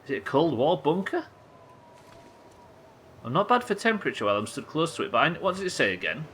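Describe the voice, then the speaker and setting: A bright, forceful-sounding man with a Yorkshire accent talks to his live-stream chat. He jokes and swears freely in a loose, chatty way. A faint hiss sits under the voice. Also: on the high side, big pitch swings, fairly quick. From Yorkshire, England. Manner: sweary, joking, chatty with viewers.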